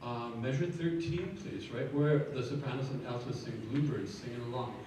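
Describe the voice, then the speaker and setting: A man leading a choir rehearsal, giving brisk feedback on phrasing and breathing, counting the singers in and singing short sample phrases. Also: medium pitch. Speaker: choir clinician. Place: large echoey rehearsal hall. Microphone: room recording from a distance. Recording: echoey hall from far off, faint noise.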